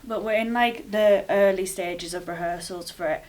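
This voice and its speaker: A woman's voice: mid-range voice, moderate pace, a little mellow, far from the mic. A woman drama student explaining a project plan in rambling, filler-heavy casual talk.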